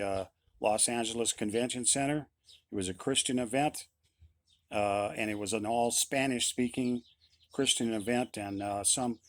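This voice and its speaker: A middle-aged man, a musician, giving a blunt, insistent opinion monologue and repeating his points. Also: medium pitch.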